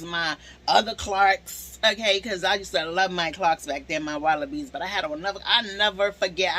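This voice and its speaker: A young woman telling a storytime to her viewers in a casual, animated way, swearing freely. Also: on the low side, rough recording.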